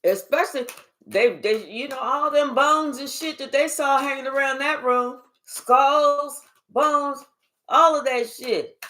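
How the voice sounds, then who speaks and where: Woman, high voice, unhurried, casual spiritual reading, animated and profane. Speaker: spiritual reader. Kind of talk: casual live reading monologue.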